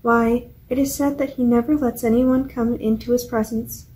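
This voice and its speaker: A woman's voice: fairly high pitch, steady tone, normal speed, dark tone, slight background noise, close to an everyday voice, rough recording. A woman voicing a friendly, talkative farmer in a storybook reading, in an earnest, explaining tone. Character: curious country farmer man, friendly and talkative.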